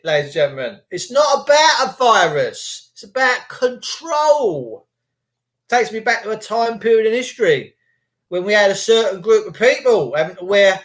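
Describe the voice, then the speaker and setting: A middle-aged man, ranting crudely in a casual monologue. He swears, mocks others and jumps up into high voices to mimic people. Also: a bit bright.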